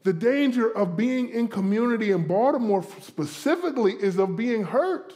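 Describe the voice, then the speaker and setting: A man from Florida preaching a sermon to a congregation, conversational and animated, acting out inner voices and playful asides. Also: high voice, moderate pace. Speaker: pastor.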